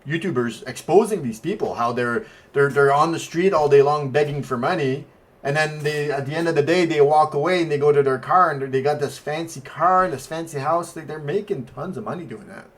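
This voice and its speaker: A man's voice: a little high, a little fast. Blunt, rambling man with French roots. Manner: rambling, blunt storytelling with swearing. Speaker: podcast co-host. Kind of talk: casual chat.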